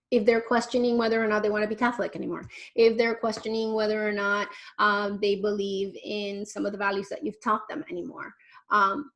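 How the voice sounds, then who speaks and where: A woman in her forties, a parenting educator, giving an online lecture in a lively, conversational way and addressing parents directly with rhetorical questions. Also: medium pitch. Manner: animated, speaks straight to parents with rhetorical questions; conversational, with fillers and restarts.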